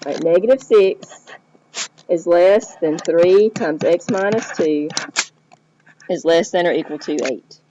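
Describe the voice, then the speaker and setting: A woman's voice: on the low side, measured pace, warm tone, slight background noise. A woman teacher explaining math step by step, checking in with the listener as she goes. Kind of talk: recorded math lesson. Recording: dull lo-fi recording.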